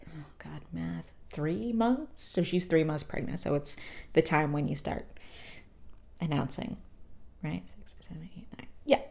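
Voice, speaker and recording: Low-voiced woman recapping a cartoon. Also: vocal fry. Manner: chatty, profane, lots of fillers and asides. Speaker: podcast host. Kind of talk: casual comedic episode recap.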